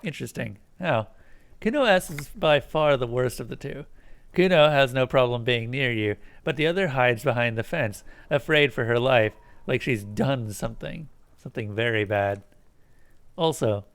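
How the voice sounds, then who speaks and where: A man streaming a video game, reading its narration aloud quietly and adding casual asides. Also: medium pitch, animated, moderate pace, vocal fry. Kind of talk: let's play, reading game text aloud.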